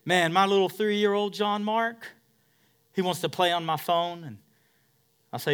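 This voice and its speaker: A male pastor preaching in a high, bright voice at an unhurried pace. He rises to shouts and drops to near whispers, drawing answers from the congregation. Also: smooth. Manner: swings from shouting to hushed, call-and-response with congregation. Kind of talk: sermon.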